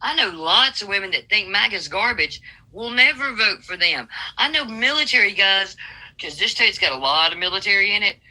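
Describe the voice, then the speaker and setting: A blunt, folksy woman from Alabama speaks in a strong Southern accent. Her voice is very bright and cutting. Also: medium pitch, expressive, moderate pace, poor audio. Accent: Southern American. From Alabama, USA. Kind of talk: political call-in chat.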